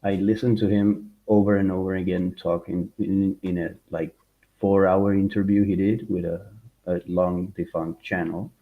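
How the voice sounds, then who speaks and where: A man whose first language is not English, co-hosting a podcast in casual chat, relaxed and quick to laugh. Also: low-pitched. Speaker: podcast co-host. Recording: dull lo-fi sound.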